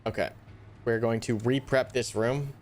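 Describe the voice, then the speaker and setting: A young man giving live commentary on a tactical shooter, animated and easily exasperated, groaning and swearing at setbacks. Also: mid-range voice, measured pace, slight background noise. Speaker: gaming YouTuber.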